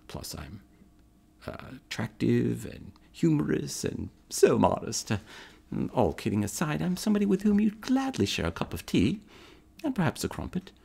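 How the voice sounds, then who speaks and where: A man in a theatrical monologue, putting on the voice of a smug, educated British gentleman who speaks in a wry, self-assured way. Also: mid-range voice, very animated, normal speed, creaky, slightly rough, voice pushed up, exaggerated voice. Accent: British, put on.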